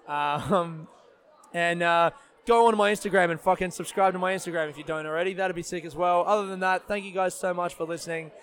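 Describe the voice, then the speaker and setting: A man hosts a podcast and tells a story in an excited, casual way, swearing freely as he goes. His voice sits a bit high, and he is recorded sitting outdoors under a tree. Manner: profane, animated storytelling. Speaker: podcast host.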